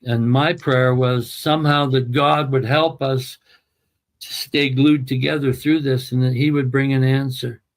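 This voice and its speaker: A man's voice: mid-range voice, fairly even intonation, unhurried. A man telling a personal family story as an interview guest, emphatic and emotional.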